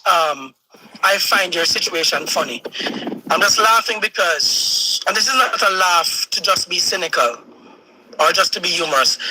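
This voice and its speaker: A man with a Jamaican accent hosts a live talk stream, delivering impassioned political commentary and moving between patois and standard English. His voice is high-pitched, bright, forceful and husky, and the audio quality is poor.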